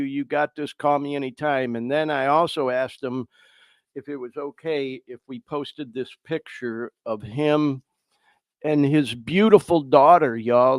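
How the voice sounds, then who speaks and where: A man's voice: on the high side, no echo. A man hosting a live podcast, fighting back tears as he talks, swearing and calling his listeners y'all. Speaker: podcast host. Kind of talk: emotional live podcast talk.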